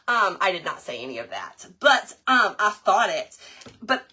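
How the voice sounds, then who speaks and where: A woman, telling a story in a chatty, animated way to her viewers while she does a craft project. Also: medium pitch, moderate pace, husky. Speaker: craft vlogger.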